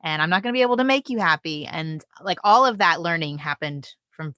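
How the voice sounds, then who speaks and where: A woman host with a bright, forceful, lower-pitched voice, recorded dry and close. She affirms her guest and muses on her own experience as a parent. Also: expressive, a little fast, dry recording, highs cut off. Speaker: podcast host. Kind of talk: podcast conversation.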